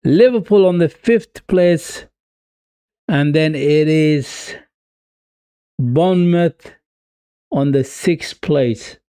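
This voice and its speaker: A man with a Swedish accent streaming a live football watch-along, excitedly cheering on his team and chatting casually with viewers. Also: a little high, extremely slow, pauses often, smooth, dry recording, clean studio sound. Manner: self-mocking, casual asides to viewers.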